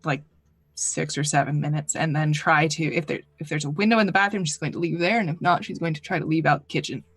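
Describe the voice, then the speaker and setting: Woman player, lowish voice, dry close mic, hesitant casual talk. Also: fairly even intonation, fast, slightly rough, dry recording. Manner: hesitant, thinking aloud with fillers. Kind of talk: playing a tabletop game.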